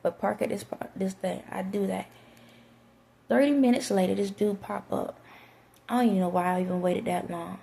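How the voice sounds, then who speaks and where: A woman's voice: mid-range voice, fairly even intonation, moderate pace, gravelly, warm tone. A woman, rambling through a spiritual storytime monologue and acting out bits of quoted dialogue. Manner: conversational, drifts into quoted dialogue and spiritual asides. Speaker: vlogger.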